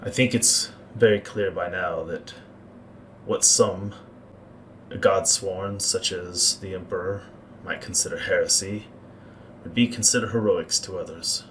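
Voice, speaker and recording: A deep, grave court Maester, as a man puts him on, weighing every word with slow, ominous pauses. He is cold and scheming, and there is a faint hiss of noise behind him in this tabletop game. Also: fairly bright tone, far from the mic, low-quality recording. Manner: measured, ominous, deliberate pauses.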